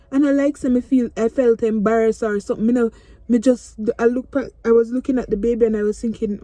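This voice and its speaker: A woman's voice: a little high, normal speed, dark tone, no echo, studio quality. A young Jamaican woman telling a storytime vlog from her parked car, chatty and emotional, slipping into patois. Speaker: mother vlogging.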